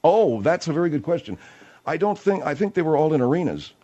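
A man's voice: fairly high pitch, big pitch swings, fairly quick, dark tone, muffled recording. A man hosting a comedic radio talk show, wry and playful, often mock-flustered.

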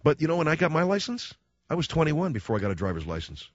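A man's voice: on the high side, big pitch swings, quick pace, dry recording. A man hosting a talk radio show, telling stories with sarcasm and animation and taking calls. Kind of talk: talk radio monologue and call-in. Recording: dull, dry studio broadcast.

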